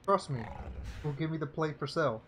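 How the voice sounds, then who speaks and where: A man's voice: fairly high pitch, a little fast, a bit bright, slight background noise. A man giving casual commentary on a live game playthrough, rambling with fillers and restarts. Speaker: gameplay streamer.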